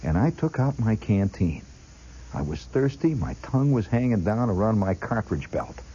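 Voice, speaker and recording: Low husky guy spinning a yarn, voice swings all over, chatty, talks right at you and does little sound effects. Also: sing-song, moderate pace, warm tone, slight background noise, poor audio. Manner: chatty, addresses the listener directly; imitates sounds with his voice. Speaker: storyteller. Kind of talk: spoken storytelling monologue.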